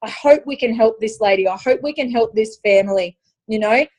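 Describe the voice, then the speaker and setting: A woman's voice: a little high, fairly quick, darkish tone. A woman hosting an online event, talking chattily to her audience and tagging her points with "okay?" and endearments like "honey". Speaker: host of an online launch event. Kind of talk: casual presentation to an online group.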